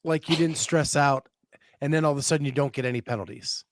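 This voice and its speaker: A man hosting a casual interview, asking relaxed, conversational questions. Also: a little high, fast. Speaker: podcast host, interviewer.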